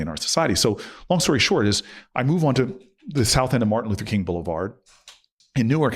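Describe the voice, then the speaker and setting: Middle-aged guy telling a story on a podcast, low-ish voice, gets animated. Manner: animated, acts out quotes with laughs. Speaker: guest. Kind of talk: conversational storytelling.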